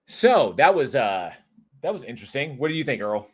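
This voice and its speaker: A man's voice: medium pitch, big pitch swings, moderate pace, slightly rough. A man hosting a live online talk stage, chatting casually and joking with listeners as he greets them. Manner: chatty, jokey, rambling. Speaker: host.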